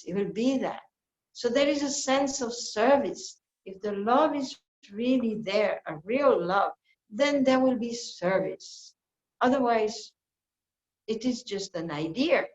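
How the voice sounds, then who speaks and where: A woman giving a reflective scripture class as a sermon, speaking earnestly and acting out little quoted exchanges to make her point. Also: fairly high pitch. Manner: slow, earnest teaching with playful acted-out quotes. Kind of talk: sermon-style reflective reading. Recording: roomy, dull lo-fi recording.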